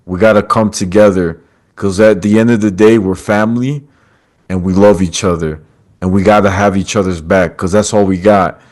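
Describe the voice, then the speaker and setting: A man's voice: sits low, steady tone, normal speed, darkish tone. A man hosting a podcast over a video call, retelling a story with quoted lines and calling his guest brother. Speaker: podcast host. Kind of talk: casual storytelling chat.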